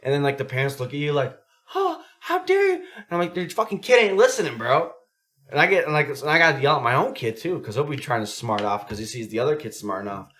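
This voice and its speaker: A man talks in a bright, forceful voice, swearing his way through animated stories. The chat is loose and casual, as on a podcast among friends. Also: mid-range voice, fast. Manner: profane, animated storytelling. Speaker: podcast host; youth sports coach.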